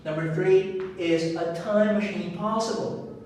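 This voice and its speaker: Echoey, slow-speaking male English teacher. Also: sits high, steady tone, a little mellow, recorded from a distance, slight background noise. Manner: slow and clear, drilling words with a repeated stress. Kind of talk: recorded online lesson.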